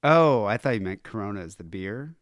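Laid-back podcast host. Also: male voice, on the low side, moderate pace, dry recording, studio quality. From United States. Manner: relaxed, rambling, casual swearing. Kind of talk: casual chat.

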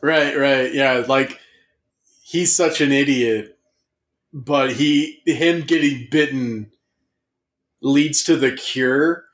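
A man riffing playfully in a loose comedy chat, wandering through his thoughts with frequent restarts. His voice sits at an ordinary middle pitch. The room adds a clear echo. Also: slow, pauses often, fairly bright tone. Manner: rambling, playful, hesitant restarts. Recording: echoey room.

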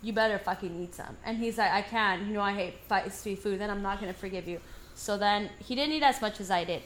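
A woman in casual podcast chat, telling a long story with lively, profane delivery. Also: medium pitch, brisk, slight background noise. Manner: animated storyteller, swears freely. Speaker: podcast co-host.

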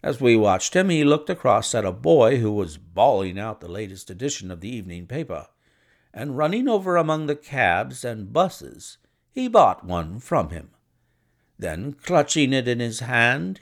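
A man narrating a classic short story in an expressive, scripted reading. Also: mid-range voice, a little slow. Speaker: audiobook narrator.

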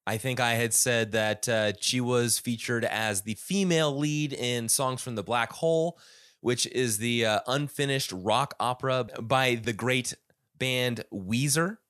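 A man's voice: mid-range voice, unhurried, a bit bright, clear, resonant tone, dry recording, clean studio sound. A man hosting a casual podcast about a music album, rambling with many restarts and fillers. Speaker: podcast host.

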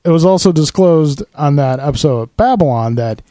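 A man's voice: fairly high pitch, lively intonation, dark tone, no echo. A man co-hosting a casual podcast, chatting about comics and films and explaining story plots at length. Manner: talks fast, explains stories at length. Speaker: podcast co-host.

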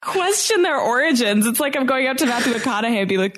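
A woman's voice: high voice, big pitch swings, fast, hardly any pauses. A woman co-hosting a casual movie podcast, chatty and opinionated, often laughing as she talks. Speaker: podcast co-host. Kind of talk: casual chat.

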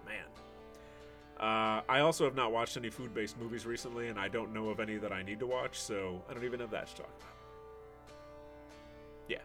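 A man hosting a podcast, chatting in a relaxed, rambling way. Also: on the low side, moderate pace, pauses often, over music. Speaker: podcast host. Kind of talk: casual chat.

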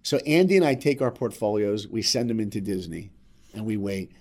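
A middle-aged man from New York with a husky, slightly breathy voice. He tells a motivational story with lots of energy, acting out each voice in it. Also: lowish voice, a little fast. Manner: animated, acts out voices in his stories.

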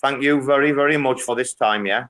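A man's voice: mid-range voice, a little fast, a bit bright. A man hosting a casual online audio chat, swearing freely and joking with his guests. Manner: profane, joking banter. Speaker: host.

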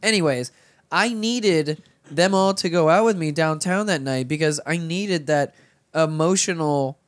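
A man's voice: fairly high pitch, a little slow, dry recording. Crude, rambling male podcast host. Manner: crude, rambling, laughs often. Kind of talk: casual banter.

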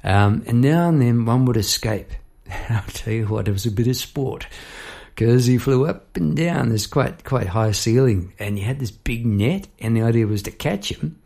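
A young man telling a story in a casual, animated way, acting out the people in it. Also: normal speed, gravelly. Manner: animated, chirps bird noises and acts out people in high voices.

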